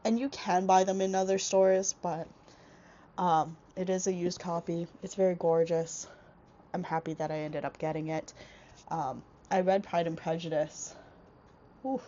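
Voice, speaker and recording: A young woman talks casually into a small clip-on mic, her voice stuffy and congested from a cold. She rambles with many fillers and restarts, in a slightly low register. The sound is a bit dull and lo-fi, with faint noise behind her. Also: steady tone, a little slow, warm tone. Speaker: vlogger. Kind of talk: casual book haul vlog. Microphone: small wireless clip-on mic.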